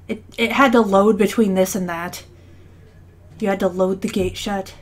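A woman's voice: medium pitch, fairly even intonation, normal speed. A woman hosting a let's play, commenting casually on a game with many fillers and restarts.

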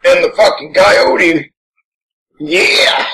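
A man's voice: high voice, lively intonation, extremely slow, vocal fry, sharp tone, full character voice, low-quality recording. A man voicing a gigantic, grouchy green monster as co-host of a crude, rambling in-character watch-along commentary. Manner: crude, brash and rambling, swears a lot.

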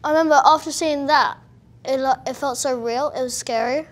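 Giggly high-voiced young actor. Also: female voice, fairly quick. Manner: giggly, animated storytelling. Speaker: cast member interviewed at a festival. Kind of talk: casual press junket chat.

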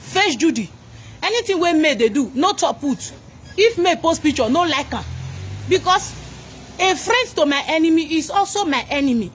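A woman's voice: high voice, a little hiss or hum. A Nigerian woman with a Nigerian accent, ranting angrily and mocking a celebrity, switching into pidgin. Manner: scolding, mocking, mixing pidgin. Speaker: commentator. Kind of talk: angry reaction rant.

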